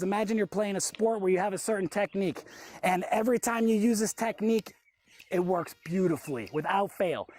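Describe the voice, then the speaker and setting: A woman's voice: medium pitch, darkish tone. A woman dog trainer teaching a group class, chatty, often acting out what the dog thinks. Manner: chatty, acts out the dog's side in dialogue.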